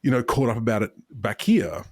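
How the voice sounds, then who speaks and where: A man's voice: medium pitch, expressive, fairly quick, darkish tone, slightly rough, no echo, studio quality. An Australian man hosting a podcast, chatting casually in a rambling way and often restarting his sentences. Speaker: podcast host. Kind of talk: casual banter.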